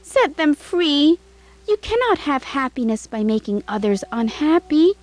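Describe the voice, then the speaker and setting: A woman voicing a gentle, kind-hearted young maid who pleads tenderly. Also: sits high, big pitch swings, a little slow, pitched above the performer's own voice, rough recording. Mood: pleading.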